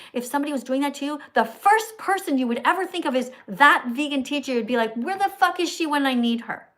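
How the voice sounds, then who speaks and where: A woman hosting a live stream, blunt and bossy, often turning aside to talk to viewers. Her voice sits a little high and her manner stays confrontational. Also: fairly bright tone. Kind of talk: casual live-stream chat.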